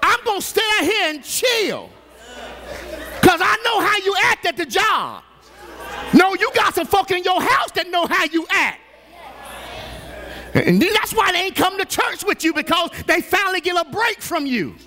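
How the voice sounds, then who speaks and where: Male pastor, high lively voice, slow deliberate preaching with shouted peaks. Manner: preaching with shouted rises and playful teasing of the congregation. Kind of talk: sermon. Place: church sanctuary.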